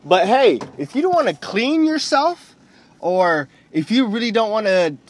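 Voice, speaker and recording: A man's voice: high-pitched, sing-song, normal speed. A man in his twenties from the United States, delivering a rambling, profane comedic rant.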